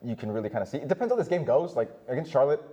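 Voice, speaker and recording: A young man on a sports panel giving quick analysis and often correcting himself in casual chat. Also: mid-range voice, very animated, dark tone, muffled recording.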